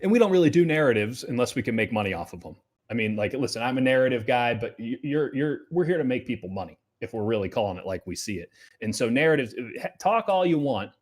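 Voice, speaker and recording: A man hosts a sports betting show in a loose, casual way. He talks at an ordinary middle pitch, and his energy rises and falls, often slipping into low, quiet asides. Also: animated, fast talker, few pauses.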